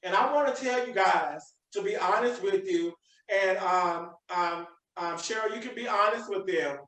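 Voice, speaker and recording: A man's voice: sits high, normal speed, fairly bright tone, distant mic. A man hosting a podcast, giving a preachy motivational talk with emphatic repetition. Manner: preachy, emphatic, repeats himself. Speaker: podcast host. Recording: echoey room, away from mic.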